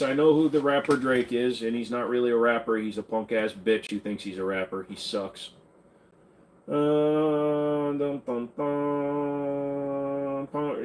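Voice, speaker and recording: A man from Minnesota runs a casual livestream, answering viewers' questions with offhand jokes. His pitch sits in the middle range, and he talks in a loose, unpolished way. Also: rough recording. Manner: joking, offhand, drifts into silly accents. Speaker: livestream host answering chat.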